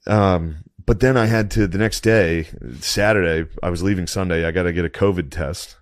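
Low-voiced profane man telling a story. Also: steady tone, moderate pace, dry recording, clean studio sound. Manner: profane, rambling, indignant. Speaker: stand-up comedian. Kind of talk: casual podcast storytelling.

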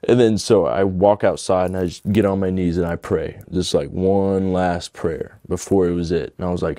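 A young man telling a personal conversion story in a halting, emotional way. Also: deep voice, fairly even intonation, warm tone, no room sound, clean studio sound. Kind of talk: personal testimony.

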